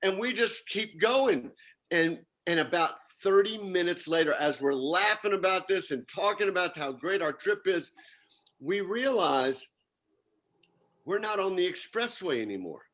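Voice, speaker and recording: A man around sixty telling a lively, rambling, self-mocking story on a video call. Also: sits high, unhurried. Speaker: reunion participant.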